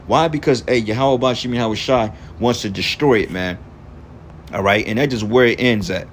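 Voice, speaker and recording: A man's voice: medium pitch, normal speed, a little hiss or hum. A man preaching in an angry, profane rant, reading scripture verses and then commenting on them. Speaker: street preacher.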